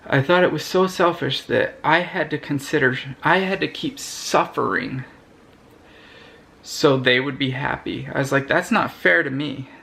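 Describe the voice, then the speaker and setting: A young man vlogger telling a personal story to camera in an earnest, halting way, often restarting his sentences. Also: mid-range voice, creaky, fairly bright tone.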